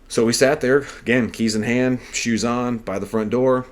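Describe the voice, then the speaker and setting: A man's voice: mid-range voice, fairly even intonation, moderate pace, hardly any pauses. A man hosting a podcast, telling a story in an earnest, rambling, conversational way. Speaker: podcast host. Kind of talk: casual storytelling monologue.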